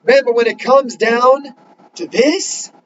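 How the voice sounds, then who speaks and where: Earnest male preacher, high-pitched, builds to emphatic questions and reads scripture slowly; muffled recording. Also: slight background noise. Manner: reads scripture slowly in King James wording. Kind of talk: sermon.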